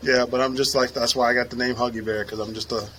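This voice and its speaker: A man's voice: mid-range voice, level tone, quick pace, fairly bright tone, slight background noise, rough recording. A man co-hosting a podcast, explaining things in an easygoing, laid-back casual chat. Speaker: podcast co-host.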